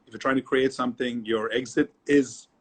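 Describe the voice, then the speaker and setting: A middle-aged man, a dance teacher, talking as an interview guest, lively and repetitive, often adding "you know". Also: medium pitch, brisk, breathy edge. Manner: animated storyteller, repeats himself, many "you know"s. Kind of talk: casual interview chat.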